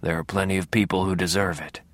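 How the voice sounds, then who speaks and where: A man voicing the ghost of a stern father who speaks in a slow, hushed whisper. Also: sits low, dry recording, voice pushed down, full character voice.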